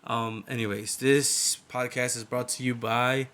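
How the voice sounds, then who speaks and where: A man's voice: mid-range voice, little pitch movement, measured pace, a bit bright. A young man co-hosting a casual podcast, rambling loosely and swearing freely. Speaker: podcast co-host. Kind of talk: casual chat.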